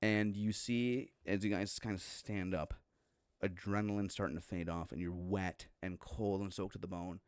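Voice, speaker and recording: A man's voice: low-pitched, steady tone, normal speed, clear, resonant tone, dry recording, studio quality. A man running a horror tabletop game as game master, narrating loosely with plenty of fillers.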